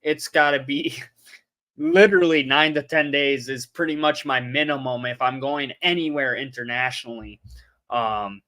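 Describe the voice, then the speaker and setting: This young livestream host talks to his viewers in a loose, casual way, often drifting off his point. He has a medium-pitched voice, pushed and bright, at normal speed.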